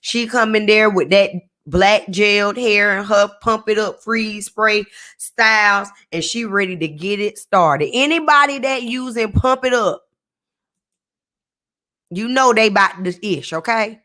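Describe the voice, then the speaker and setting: A woman's voice: medium pitch, unhurried, bright, forceful tone. A woman casually recapping a reality TV episode in a sassy, chatty way, full of slang asides. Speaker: TV recap reviewer.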